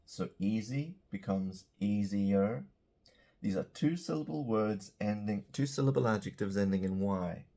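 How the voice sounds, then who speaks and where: Low gravelly-voiced male English teacher. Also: dark tone. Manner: chatty, joking asides, slow drawn-out example words. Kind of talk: casual grammar lesson to camera. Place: indoors beside a small whiteboard.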